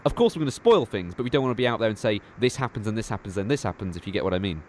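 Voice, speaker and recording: A man's voice: on the low side, big pitch swings, very fast, a little hiss or hum. A young man hosting a casual review podcast, chatty with many fillers. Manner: chatty, hesitant fillers, laughs often. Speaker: podcast host.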